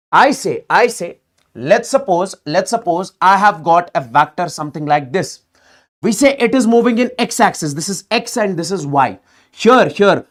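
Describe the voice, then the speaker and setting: A high-pitched man teaches physics in a live online exam-prep class. He talks in animated bursts, repeats words, and checks in with his students often.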